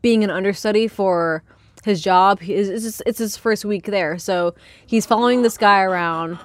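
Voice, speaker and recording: A young woman vlogging casually by her chicken coop, rambling and swearing as she hushes her hens. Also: medium pitch, normal speed, no room sound. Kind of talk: casual chat while reading aloud. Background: faint chicken clucking.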